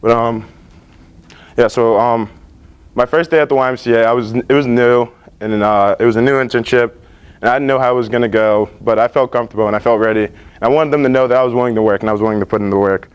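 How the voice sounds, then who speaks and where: A man's voice: medium pitch, fast talker, smooth. Young man giving a class presentation. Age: teens. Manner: relaxed and earnest, with many fillers and restarts. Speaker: student presenter. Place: school library.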